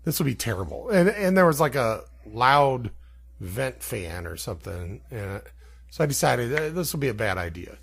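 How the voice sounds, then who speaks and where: A man's voice: mid-range voice, normal speed, creaky, slightly rough. Laughing guy telling a story. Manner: laughing, animated anecdote telling. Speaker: podcast co-host. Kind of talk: casual storytelling.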